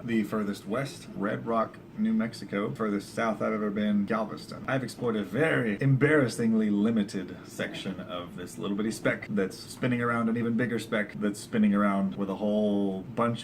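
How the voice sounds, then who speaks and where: A young man from Texas rambles to camera in a casual vlog, with a voice that sits a bit low. He drifts into jokey asides and corrects himself as he goes, over a faint bit of background noise. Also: steady tone, moderate pace, hardly any pauses. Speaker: vlogger.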